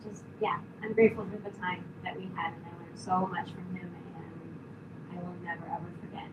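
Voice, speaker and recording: Woman sharing fond memories at a memorial. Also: on the low side. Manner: warm, reminiscing, softly emotional. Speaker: stage performer giving a memorial tribute. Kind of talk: heartfelt eulogy remarks. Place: indoor memorial gathering. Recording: distant mic in a reverberant room with noise.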